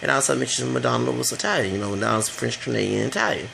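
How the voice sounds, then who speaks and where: A man's voice: mid-range voice, expressive, rapid-fire, gravelly, sharp tone, a little hiss or hum, low-quality recording. A man giving a rambling, blunt opinion rant for his vlog, swearing freely as he goes. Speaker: vlogger.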